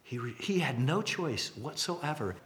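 A pastor preaching a sermon, telling the story casually and acting out quotes and jokes along the way. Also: male voice, mid-range voice, measured pace. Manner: lively storytelling with acted-out quotes and asides.

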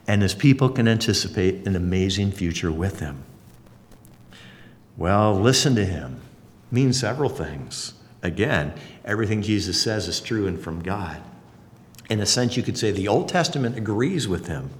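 Animated folksy preacher in a reverberant hall. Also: male voice, fairly low pitch, normal speed. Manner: animated, folksy and conversational, leaps up for exclamations. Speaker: pastor. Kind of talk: sermon.

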